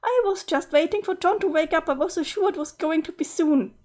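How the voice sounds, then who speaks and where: A woman's voice: extremely high pitch, fairly quick, a little mellow. A woman reading a webcomic aloud, voicing a grief-stricken young girl ghost who sobs "boo hoo" and pleads to go back. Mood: mournful.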